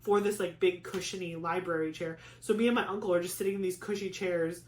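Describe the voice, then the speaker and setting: A young woman chatting casually, telling a personal story with lots of "like" fillers and animated retelling. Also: fairly low pitch, fast, roomy sound. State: pregnant. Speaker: craft vlogger.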